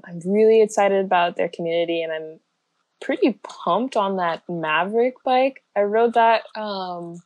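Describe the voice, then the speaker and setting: A woman's voice: mid-range voice, a little mellow, no room sound. A young woman chatting casually as a podcast guest, laughing often and filling with lots of likes and ums. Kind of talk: casual chat.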